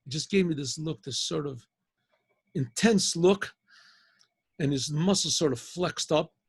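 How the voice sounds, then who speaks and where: Rabbi guy rambling thru a story, kinda high voice, gravelly, dry sound. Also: unhurried, dry recording. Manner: rambling, conversational, frequent restarts. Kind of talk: storytelling talk. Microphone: video call.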